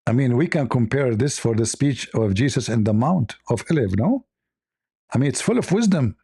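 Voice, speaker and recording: A man's voice: mid-range voice, lively intonation, normal speed, vocal fry, warm tone, slightly rough, no echo, clean studio sound. A man giving mocking commentary, sarcastic and laughing, with non-native phrasing. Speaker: online religion critic.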